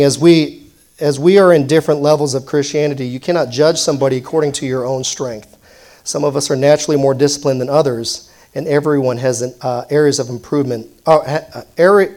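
A man's voice: on the high side, darkish tone. A man in his forties preaching a sermon in a conversational way, putting questions to the congregation and adding self-deprecating asides.

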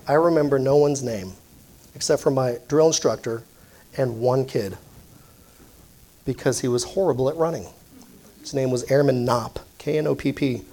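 A man's voice: medium pitch, a little mellow. A man in his forties preaching a sermon in a conversational way, putting questions to the congregation and adding self-deprecating asides.

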